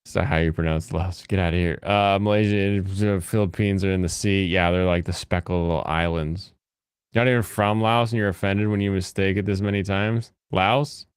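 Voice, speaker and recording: An American man chatting casually with his live-stream audience, joking and breaking into high mocking voices. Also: steady tone, a little fast, clear, resonant tone, no room sound, studio quality. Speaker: streamer reacting to chat.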